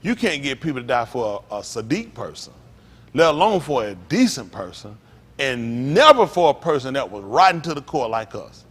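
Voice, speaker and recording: A man delivers a sermon as pastor. He alternates between slow, deliberate scripture reading and lively call-and-response commentary, often pushing up into emphatic, questioning exclaims. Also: medium pitch, breathy edge. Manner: reads scripture aloud slowly between comments.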